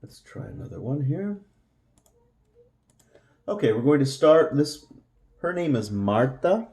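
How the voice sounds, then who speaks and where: Patient male teacher, warm and relaxed tone, repeats words for learners. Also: medium pitch, measured pace, creaky, echoey room. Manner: patient, repeats each word several times. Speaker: Spanish teacher. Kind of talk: slow classroom explanation.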